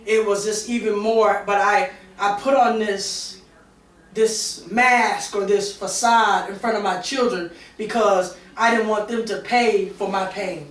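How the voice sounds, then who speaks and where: A woman's voice: medium pitch, steady tone, measured pace. Emotional woman sharing her story, roomy and distant. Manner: emotional, candid, many fillers and restarts. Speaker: talk show panelist. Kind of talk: heartfelt personal storytelling.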